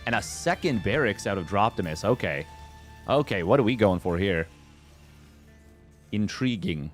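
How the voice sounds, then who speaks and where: A man giving casual live commentary on a strategy game, rambling and excitable as he chats between plays. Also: lowish voice, moderate pace, faint music behind. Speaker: esports commentator.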